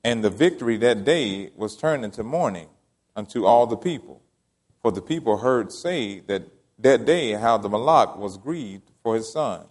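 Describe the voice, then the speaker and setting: A man reading scripture aloud to a congregation, steady and plain, with a few small restarts. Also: fairly low pitch, moderate pace.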